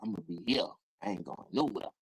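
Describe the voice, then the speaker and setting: Profane, animated man ranting on a stream. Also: a little fast, creaky, breathy edge, no echo, rough recording. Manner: animated, profane, acts out quoted voices in sudden high bursts. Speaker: livestream host. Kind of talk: casual ranting commentary.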